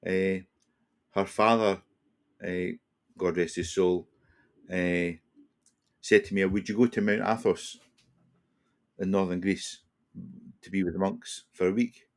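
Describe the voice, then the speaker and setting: A man's voice: deep voice, fairly even intonation, slow pace, pauses often. A Scottish man in his sixties, a retired police officer, telling a reflective story as a podcast guest, often restarting and slipping into quoted dialogue. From Scotland. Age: 60s.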